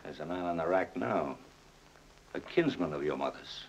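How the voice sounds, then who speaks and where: An actor playing a cunning, stern middle-aged king and father, who talks in a husky, commanding voice and questions with scorn, in a 1950s epic film. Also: deep voice, animated, moderate pace, a little hiss or hum. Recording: dull lo-fi 1950s film soundtrack.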